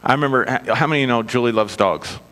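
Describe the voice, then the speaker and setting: Middle-aged male minister, mid-pitched, chatty storytelling sermon with self-mocking humor, recorded with long hall reverb. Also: very fast, fairly bright tone. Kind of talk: conversational sermon with personal stories.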